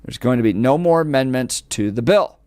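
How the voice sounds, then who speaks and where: A man's voice: medium pitch, lively intonation, brisk, darkish tone, dry recording, studio quality. A man hosting a conservative talk radio show, reading news and mocking his opponents sarcastically.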